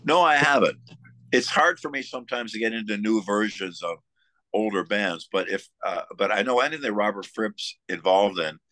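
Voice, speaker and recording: Low, bright-toned man telling stories. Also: lively intonation, no echo. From United States, Buffalo area. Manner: halting, many fillers and restarts; enthusiastic storytelling. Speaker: musician guest. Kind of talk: casual interview conversation.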